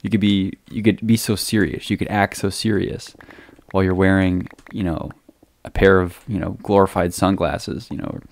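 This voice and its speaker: Deep-voiced man rambling with many ums. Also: level tone, normal speed, gravelly. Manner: hesitant, many ums and restarts, chuckling asides. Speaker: podcast host. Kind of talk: casual rambling monologue.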